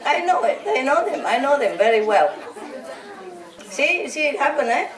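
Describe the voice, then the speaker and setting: A woman's voice: high-pitched, big pitch swings, normal speed, a faint crowd. A woman spiritual teacher giving an informal, teasing talk to a group of followers, laughing often. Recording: roomy hall, voice from a distant mic. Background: audience laughing.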